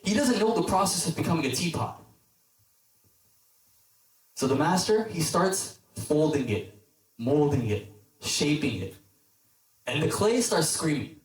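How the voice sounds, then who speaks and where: A man giving a casual sermon to a youth group, with a fairly high voice. He tells a story in a relaxed way, often checks in with his listeners, and drops low for emphasis. He is heard from a distance in an echoey hall. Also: normal speed, pauses often. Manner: conversational, checks in with the audience. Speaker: deacon preaching to a youth group.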